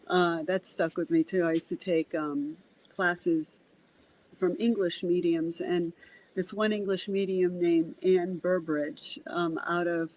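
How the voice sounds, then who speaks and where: A woman's voice: lowish voice, slow pace, poor audio. A woman working as a medium, a podcast guest telling stories in a conversational way. She acts out the dialogue and often repeats words as she starts a sentence. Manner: animated, acts out dialogue in quotes. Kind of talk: conversational storytelling.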